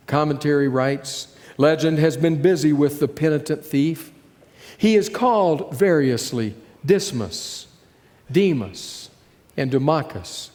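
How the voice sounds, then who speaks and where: A man preaching with a fairly high voice, building scenes dramatically and then dropping low and slow for weight. His words carry a long reverb that hangs in a large hall. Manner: dramatic, slowing and dropping softly on key phrases. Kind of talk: sermon.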